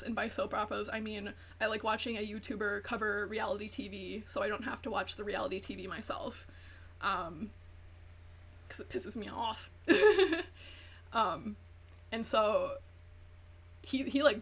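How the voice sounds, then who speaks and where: A woman's voice: on the high side, normal speed, fairly bright tone. A woman streamer chatting casually while gaming, rambling through profane gossip and acting out quotes. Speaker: VTuber streamer.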